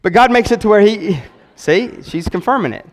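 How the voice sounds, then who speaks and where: A man, preaching a sermon in an animated way, repeating words and acting out quotes. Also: high-pitched, moderate pace. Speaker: pastor. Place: church sanctuary. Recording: long hall reverb.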